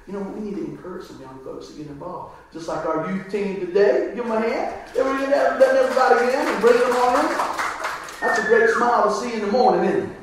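A man's voice: high-pitched, fast. A man preaching a conversational sermon in a church, often asking the crowd "right?". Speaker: pastor. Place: church hall. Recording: echoey hall, voice from far off.

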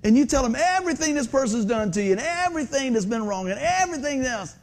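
Speaking very fast in a very high-pitched voice, this fifty-something pastor delivers an animated, conversational sermon in a church sanctuary under stage lights. He quizzes his congregation and pokes fun at himself along the way.

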